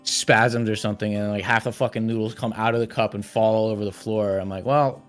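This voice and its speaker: A man's voice: fairly low pitch, flat delivery, fast talker, faint music behind. A man in casual chat on a stream, laid-back and swearing a lot.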